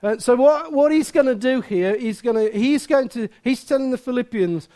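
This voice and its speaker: High-voiced preacher. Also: male voice, expressive, moderate pace, few pauses, warm tone. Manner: chatty, self-mocking, asks the room questions. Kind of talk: sermon.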